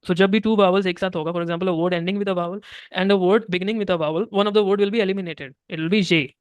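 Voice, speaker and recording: Indian male French tutor, young, brisk and crisp, explains carefully, mixes Hindi in. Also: sits high, steady tone, dry recording. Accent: Indian English. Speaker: French teacher. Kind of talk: one-on-one language lesson.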